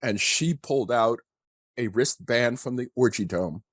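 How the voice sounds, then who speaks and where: Husky-voiced man with a dry, wry delivery. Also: mid-range voice, unhurried, no echo. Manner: wry, blunt storyteller. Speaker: preacher. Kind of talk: casual storytelling.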